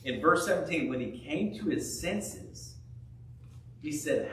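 A man delivers a sermon, retelling a parable and animating each character as he goes. His voice sits a bit high for a man. The sound is very echoey and comes from some distance away from the mic. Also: normal speed, a little hiss or hum. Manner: animated storytelling, acting out biblical characters' voices. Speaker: pastor.

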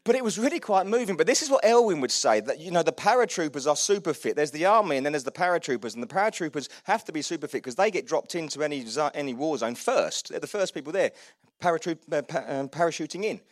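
A man's voice: fairly high pitch, lively intonation, fast talker, no room sound, clean studio sound. A middle-aged man preaching a sermon in a loose, self-mocking, chatty way. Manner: chatty and self-mocking, with frequent laughs and restarts. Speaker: pastor. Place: church hall.

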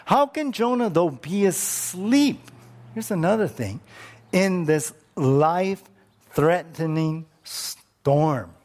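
A man preaching a sermon in an easygoing, conversational way. His voice sits a little high and moves up and down a great deal. He keeps asking his listeners questions. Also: expressive, takes it slowly, a little mellow. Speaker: pastor.

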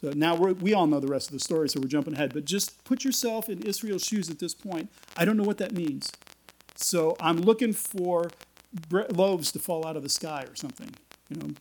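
A man's voice: fairly high pitch, rough recording. A man giving a casual, conversational sermon, retelling scripture in everyday language with frequent restarts and playful asides. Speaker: preacher.

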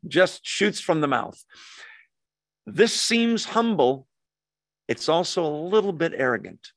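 A man teaching a Bible study, lively and often asking the group rhetorical questions. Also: fairly high pitch, slow pace, no room sound, studio quality.

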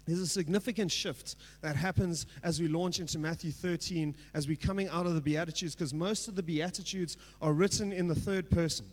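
Brisk and with few pauses, a pastor with a fairly high voice and fairly even intonation delivers a conversational sermon. He checks in often with "right?" and works his way up to emphatic passages.

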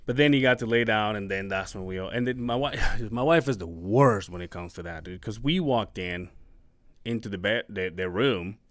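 Low-voiced man telling a story in halting bursts. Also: dry recording. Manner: halting, full of restarts and swearing. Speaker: podcast co-host. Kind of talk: casual storytelling chat.

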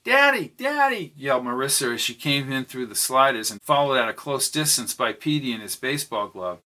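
Here a male narrator works through a novel slightly fast, his delivery pushed and bright. Character lines get a raised pitch, setting them apart from the narration.

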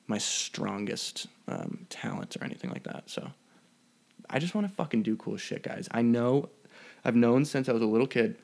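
A man's voice: fairly low pitch, vocal fry. A young man hosting a podcast alone, rambling in a profane, mock-threatening way. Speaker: podcast host. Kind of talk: casual solo podcast rant. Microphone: podcast mic.

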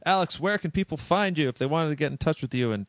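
A man from the Boston area hosting a podcast in casual, halting chat full of fillers. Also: on the high side, expressive, no echo. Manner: chatty, halting, lots of fillers. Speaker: podcast host.

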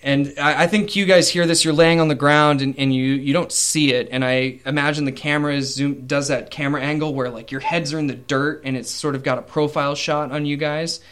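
A man's voice: on the high side, fairly even intonation, fairly quick, hardly any pauses, fairly bright tone, smooth. Man narrating as game master. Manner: casual, with fillers and voiced characters.

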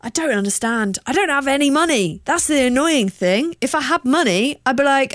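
A young woman from southern England, her accent slightly posh, chats candidly and swears freely while hosting her solo podcast. Her voice sits high and sounds animated and fairly bright, moving at a moderate pace with hardly any pauses. The recording is studio quality with no echo.

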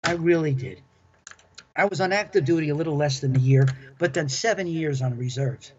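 A former club manager, now older, shares memories of his job in an interview. He speaks a little fast in a higher register, chatty and keen, often saying things twice, all captured on a dull lo-fi recording.

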